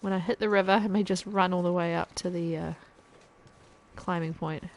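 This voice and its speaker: A woman's voice: fairly low pitch, steady tone, normal speed, a little hiss or hum, rough recording. A woman from New Zealand, a parent, chatting casually with viewers while she streams gameplay. She laughs often and trails off mid-sentence. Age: adult parent.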